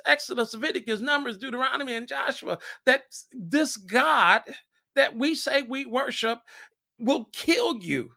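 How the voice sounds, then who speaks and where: A pastor preaching a podcast sermon with passion, repeating phrases and acting out scripture dialogue. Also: male voice, very high voice, gravelly, pushed and bright, no room sound, studio quality.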